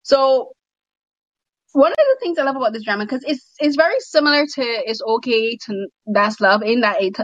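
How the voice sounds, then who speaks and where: A woman hosting a podcast, chatting in an animated, enthusiastic way. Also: on the high side, no room sound, dull audio. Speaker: podcast host. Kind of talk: casual chat.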